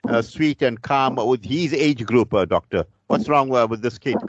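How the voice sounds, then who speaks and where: A man hosting a radio talk show, reading out a listener's message in a measured, halting way with fillers. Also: medium pitch, no room sound. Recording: muffled radio broadcast.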